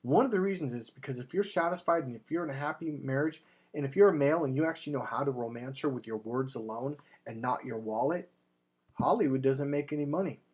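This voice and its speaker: A man with a husky, slightly breathy voice at an ordinary middle pitch delivers a persuasive self-help pitch. He talks as a dating coach, emphatic and blunt, swearing casually as he pushes his point. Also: fast talker, darkish tone. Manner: acts out quoted voices in anecdotes. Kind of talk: persuasive sales monologue.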